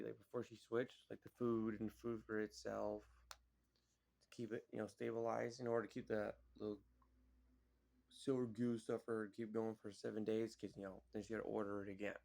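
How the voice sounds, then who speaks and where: A man's voice: fairly low pitch, gravelly, darkish tone. A man casually retelling a film's plot in a rambling way, full of fillers and restarts. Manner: rambling, filler-heavy, lots of "like" and "you know". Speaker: vlogger. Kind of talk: casual film recap.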